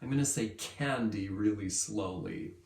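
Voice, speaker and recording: A male kindergarten teacher giving a lesson to young children in an upbeat way, stretching words out slowly so they can follow. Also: lowish voice, darkish tone, echoey room.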